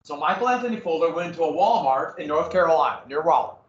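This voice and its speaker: A man's voice: on the high side, expressive, quick pace. A man giving a casual, jokey slide presentation to a small group, chatty and given to tangents. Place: room with a small audience. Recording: roomy, distant, slightly dull.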